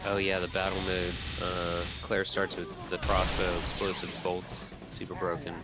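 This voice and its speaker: A man's voice: deep voice, monotone, moderate pace. A man co-hosting a gaming stream, chatting casually and making wry jokes. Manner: wry, joking asides. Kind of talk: casual chat while gaming. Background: game music.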